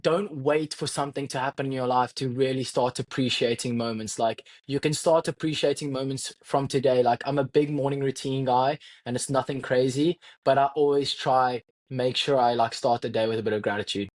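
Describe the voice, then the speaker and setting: A man's voice: mid-range voice, fairly even intonation, a little fast, hardly any pauses, a little mellow. A young man co-hosting a podcast, talking casually and earnestly, reflecting and speaking straight to listeners. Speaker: podcast co-host. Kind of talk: casual chat.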